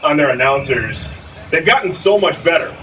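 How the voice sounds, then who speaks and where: A man's voice: a little high, lively intonation, normal speed, pushed and bright, distant mic, slight background noise, low-quality recording. A man in his thirties with a Minnesotan accent, hosting a gameplay video and joking around. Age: 30s. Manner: jokey, plays up a hammy local accent. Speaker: gaming video host. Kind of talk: casual gameplay commentary.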